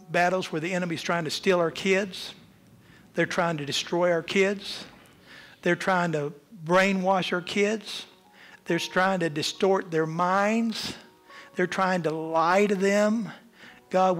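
Impassioned preacher, high voice. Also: male voice, a bit bright. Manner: impassioned preaching, rising and falling in pitch and volume. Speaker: pastor. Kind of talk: sermon. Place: church.

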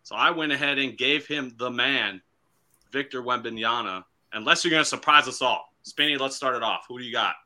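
A man's voice: medium pitch, brisk, pushed and bright. Hyped young man hosting a sports podcast. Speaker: podcast host. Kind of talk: casual sports chat.

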